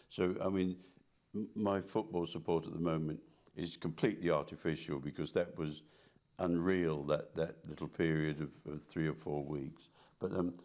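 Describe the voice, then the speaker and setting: An older man, an artist being interviewed, reminiscing casually in a halting way, with many restarts and repeated words. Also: extremely low pitch, darkish tone.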